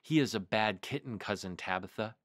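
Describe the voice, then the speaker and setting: A man reading aloud and voicing a brisk, stern cat cousin with a firm, no-nonsense manner. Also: lowish voice, no room sound, clean studio sound, lightly acted.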